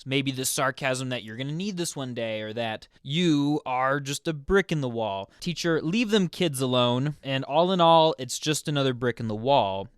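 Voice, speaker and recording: A man's voice: medium pitch, smooth, no room sound, clean studio sound. Chatty man explaining a song. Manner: chatty, filler-heavy, animated. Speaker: music explainer host. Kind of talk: casual explanatory video commentary.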